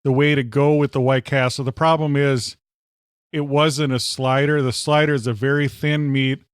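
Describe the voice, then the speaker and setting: A man chatting on a podcast, hamming up a burger tasting with playful exaggeration. He has a middle-pitched voice, and the sound is dry and close with no reverb. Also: flat delivery, moderate pace, smooth. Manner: playful, hyperbolic, jumps in to interject. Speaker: podcast co-host. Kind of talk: casual food review chat.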